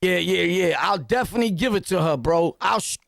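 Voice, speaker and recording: A man's voice: high-pitched, fairly quick, creaky, fairly bright tone, a little hiss or hum. A man with a Brooklyn accent giving a profane, boastful reaction rant full of street slang, laughing often. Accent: Brooklyn New York. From Brooklyn, New York. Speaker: reaction commentator. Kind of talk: loud casual reaction rant.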